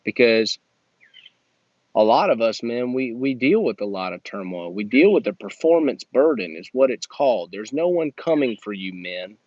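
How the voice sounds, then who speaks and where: Talking straight at the listener like a coach, a man delivers a blunt, emphatic motivational monologue. His mid-range, slightly mellow voice moves at a moderate pace with lively intonation, captured in a dry, dull lo-fi recording.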